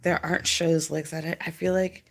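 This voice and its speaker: A woman's voice: low-pitched, flat delivery, moderate pace, vocal fry. A woman livestreaming from home, chatting casually in a rambling, giggly way. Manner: rambling, giggly, doting baby talk to her cat. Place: home, indoors.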